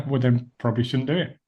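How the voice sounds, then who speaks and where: A man hosting a horror film podcast in relaxed, chuckling banter with his co-host over a call. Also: medium pitch. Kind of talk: casual podcast chat.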